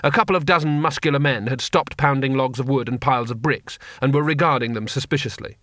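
A man narrating an audiobook in a dry, lively storytelling manner. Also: mid-range voice, fast talker, no echo.

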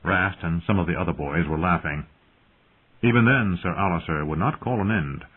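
Low, husky male audiobook narrator. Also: moderate pace. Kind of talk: scripted narration. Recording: tinny phone-like audio.

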